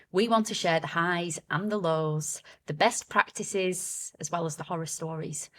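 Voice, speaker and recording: A woman hosting a business podcast, reading a welcome and then interviewing a guest with warm reactions. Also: lowish voice. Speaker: podcast host. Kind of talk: scripted intro and interviewing.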